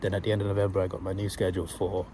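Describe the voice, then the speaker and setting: A man's voice: deep voice, completely flat delivery, very fast, dark tone. A young man chatting casually to his phone, rambling and correcting himself as he tells a story. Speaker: vlogger. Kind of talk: casual chat. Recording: noisy street with traffic. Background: passing cars and urban street noise.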